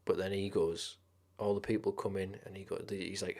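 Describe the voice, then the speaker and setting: A man's voice: low voice, level tone, normal speed, a little mellow. A man streaming live, chatting casually about films, with lots of swearing and rambling enthusiasm.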